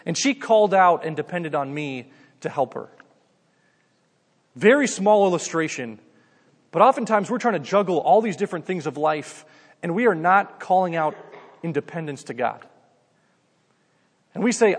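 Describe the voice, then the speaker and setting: A man with a high voice delivers a sermon in an easygoing way, addressing listeners as "guys" and peppering his talk with "like". His voice rings out with a long reverb, as in a large hall. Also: animated, moderate pace, pauses often. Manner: conversational preaching, addresses listeners as "guys", often says "like". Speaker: pastor.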